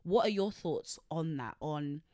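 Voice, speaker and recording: A woman's voice: sits low, lively intonation, a little slow, mellow, dry recording, clean studio sound. A woman co-hosting a podcast, chatting casually and emphatically while steering the talk. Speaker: podcast co-host. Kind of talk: casual chat.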